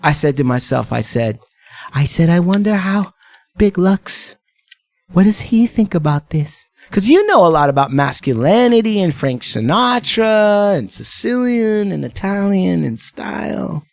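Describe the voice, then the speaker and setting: A man's voice: high voice, big pitch swings, unhurried, creaky, dry recording. A man hosting a podcast, rambling and playful in casual chat, laughing often. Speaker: podcast host.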